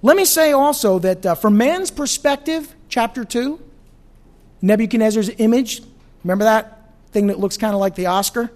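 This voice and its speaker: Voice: mid-range voice, moderate pace, a little mellow. A pastor teaching an evening Bible study in a conversational way, often asking the audience questions.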